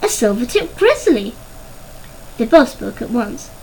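Woman reading a kids storybook out loud, expressive and measured, highish voice, bit of faint noise. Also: rough recording. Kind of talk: storybook narration.

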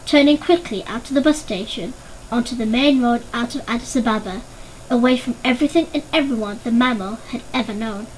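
A woman's voice: a little hiss or hum, low-quality recording. A woman narrating a children's novel as an audiobook, giving the characters their own voices. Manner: voices characters with raised pitch.

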